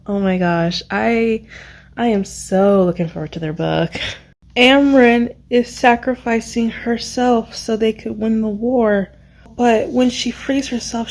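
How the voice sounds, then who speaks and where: A young woman vlogging about a book she just read, rambling and excitable, stopping to search for words. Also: on the high side, measured pace, creaky. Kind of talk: casual reading vlog recap.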